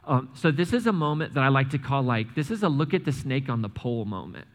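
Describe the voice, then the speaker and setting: In a reverberant church sanctuary, a fast-talking male pastor with a mid-range voice delivers a sermon along with church announcements. He's animated, repeating and restarting words as he speaks directly to the congregation.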